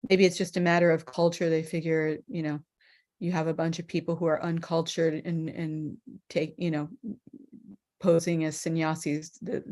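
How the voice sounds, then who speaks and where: Woman leading an online study chat, lowish voice, thinks out loud w lots of um and you know. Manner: thoughtful, hesitant, many fillers. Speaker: discussion moderator. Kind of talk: casual online study discussion.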